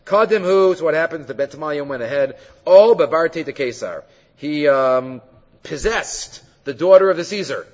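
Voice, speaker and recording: A man giving an animated Talmud lesson, full of fillers and quick asides. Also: on the high side, in a large hall, highs cut off. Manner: animated, mixes English with Hebrew and Aramaic, many fillers. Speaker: Torah teacher. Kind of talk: Talmud lecture.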